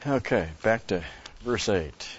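A pastor teaching an expository Bible sermon, speaking deliberately and stopping to explain Greek word meanings. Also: male voice, fairly low pitch, animated, breathy edge, dull audio.

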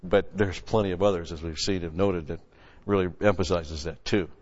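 A man teaching through Bible verses as a pastor, punching key words loudly and then dropping into quick, quieter asides. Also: low voice, fairly even intonation. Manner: emphatic, swells loud on scripture then drops to asides. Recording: lo-fi recording with long hall reverb.

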